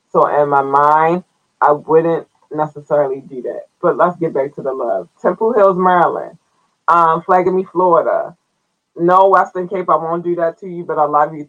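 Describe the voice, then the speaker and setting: A man's voice: a little high, a bit bright, highs cut off. A man hosting his own podcast in a loose, playful way, with slangy asides as he reads out listener towns. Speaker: podcast host. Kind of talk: casual solo podcast chat.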